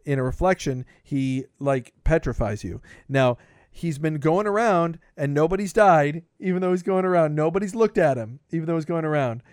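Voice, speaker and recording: A man's voice: on the high side, normal speed, darkish tone, no echo, clean studio sound. A man co-hosting a podcast, rambling through a jokey movie review and stammering over repeated words. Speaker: podcast co-host. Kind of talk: casual movie review chat.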